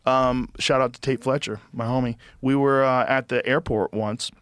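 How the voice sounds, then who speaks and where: Middle-aged male podcast host, medium pitch, dry close-mic studio sound, chatty storyteller. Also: normal speed, clear, resonant tone, no room sound. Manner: tells lively anecdotes, reads facts aloud. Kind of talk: casual podcast conversation.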